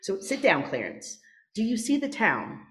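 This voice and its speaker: A woman voicing a calm, patient senior angel who also narrates a radio play. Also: medium pitch, moderate pace. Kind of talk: old-time radio play.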